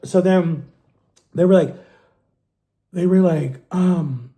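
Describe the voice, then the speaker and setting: Animated high-voiced man telling stories. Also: slow. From Ohio, USA. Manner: animated, acts out quotes in a higher voice. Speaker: vlogger. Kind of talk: casual storytelling.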